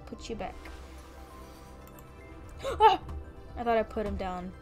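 A woman's voice: mid-range voice, big pitch swings, fairly quick, darkish tone, soft background music. A young woman giving playful, chatty commentary while streaming a video game, often exclaiming and talking to the creatures on screen.

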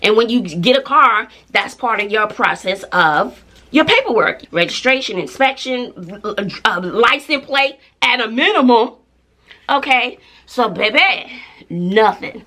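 A woman's voice: a little high, animated, unhurried, sharp tone. A middle-aged woman, chatting casually to her viewers in an emphatic way, repeating herself and often laughing. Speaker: vlogger, mother. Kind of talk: casual chat to camera.

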